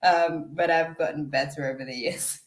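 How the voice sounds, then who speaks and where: A woman's voice: low-pitched, steady tone, moderate pace, reverberant. A woman giving a live tarot reading, chatty and emotional, often drifting off to read out names from the chat. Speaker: tarot reader.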